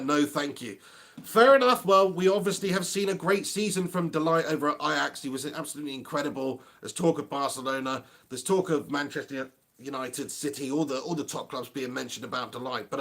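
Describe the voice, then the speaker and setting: A man's voice: fairly high pitch, fairly bright tone. A man hosting a live fan stream, talking passionately in a rambling way and often restarting his sentences. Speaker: fan channel host.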